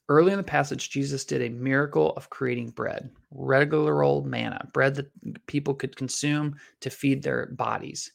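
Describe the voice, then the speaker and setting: Gravelly-voiced man teaching scripture. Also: medium pitch, steady tone. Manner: earnest, reads scripture aloud slowly, shifts pace often. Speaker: Bible teacher. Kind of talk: teaching a Bible study.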